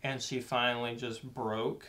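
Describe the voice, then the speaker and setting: A man's voice: medium pitch, level tone, measured pace, sharp tone. A young man co-hosting a casual movie review chat, earnest and rambling as he works through his points. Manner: earnest, rambling with many fillers and restarts. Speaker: co-host of a movie review show.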